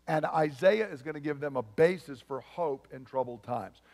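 Pastor, male, emphatic preaching with asides, higher voice, long church-hall echo. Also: moderate pace, darkish tone. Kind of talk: sermon.

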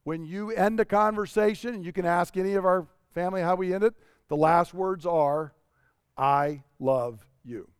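A man's voice: high-pitched, fairly even intonation, fairly quick, clear, resonant tone, no echo, clean studio sound. A middle-aged man preaching a sermon, earnest and personal, often putting questions to his listeners. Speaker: pastor.

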